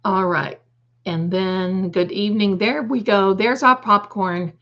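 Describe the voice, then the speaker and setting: A woman's voice: mid-range voice, a little slow, fairly bright tone, dull audio. A woman hosting a casual livestream, reading the chat aloud, calling her viewers darling and adding snarky, opinionated asides. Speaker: livestream host.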